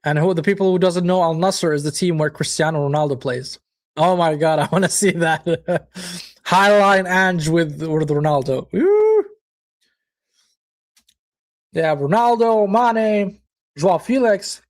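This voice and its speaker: A man's voice: fairly high pitch, normal speed, darkish tone. A man hosting a live football watchalong, chatting casually, reacting to the match and viewers' comments, with occasional swearing. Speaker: watchalong host.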